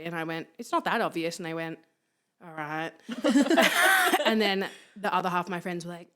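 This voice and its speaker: Her voice is fairly low and her pace moderate as she guests on a casual podcast. Animated in her storytelling, she performs the quoted people's lines and keeps bursting into laughter.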